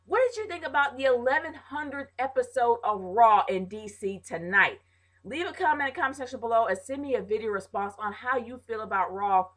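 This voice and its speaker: A woman's voice: a little high, lively intonation, fairly quick, a bit bright. A woman casually reviewing a wrestling show, ranting with exasperation and calling her viewers "y'all". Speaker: wrestling vlogger.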